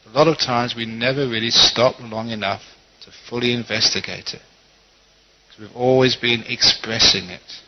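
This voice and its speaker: A middle-aged man, a Buddhist monk, giving a conversational dharma talk and teaching gently, with quoted asides. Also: mid-range voice, steady tone, moderate pace, slight background noise. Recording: dull lo-fi talk recording.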